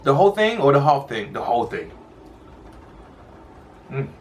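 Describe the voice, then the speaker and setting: A man talks at a relaxed pace through a home eating video, pausing to chew and drifting between topics. His voice sits at an ordinary middle pitch. A faint hiss of background noise runs under the recording. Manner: chatty, rambling, eating between words. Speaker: mukbang vlogger. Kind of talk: casual chat while eating.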